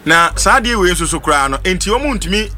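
A man in casual radio chat, calm and murmuring agreement often. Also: high-pitched, fast talker, slight background noise.

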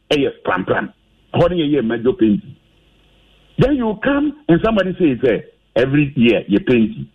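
A Ghanaian man with a husky voice, giving heated radio commentary, animated and firing off rhetorical questions. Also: a little high. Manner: animated, rhetorical questions, mixing English and Twi. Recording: dull lo-fi radio audio.

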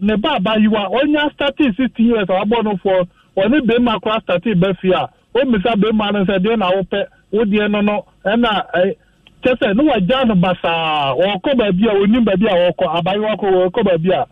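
A high-voiced Ghanaian man phoning in to a radio talk show. He rambles through a long appeal, stalling on fillers. His voice comes down a thin, far-off phone line. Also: no echo. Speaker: phone-in caller.

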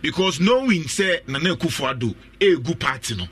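Bright-voiced Ghanaian radio host. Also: male voice, a little high, lively intonation, a little fast. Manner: reads listener comments, short backchannels. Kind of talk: radio talk show hosting.

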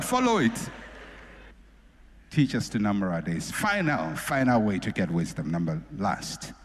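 A man preaching a sermon, repeating phrases for emphasis and swinging between loud and soft. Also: mid-range voice. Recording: echoey hall with long reverb.

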